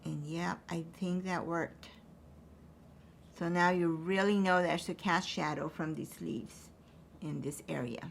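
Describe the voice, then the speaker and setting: A woman teaching an acrylic painting demonstration, thinking aloud as she paints in a relaxed way. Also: on the low side, measured pace, vocal fry, slight background noise.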